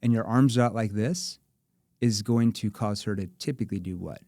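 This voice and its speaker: A man, a sales trainer as guest, explaining sales techniques in an animated, demonstrative way, acting out different tones of voice. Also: fairly low pitch, normal speed, no echo, studio quality. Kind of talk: animated instructional chat.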